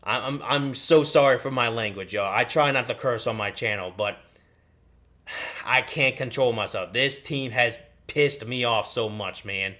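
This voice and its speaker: A man's voice: medium pitch, measured pace, sharp tone. A man, hosting a live sports stream and ranting in a frustrated, rambling way. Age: 30s. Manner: frustrated, rambling, cursing and sighing. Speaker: podcast host.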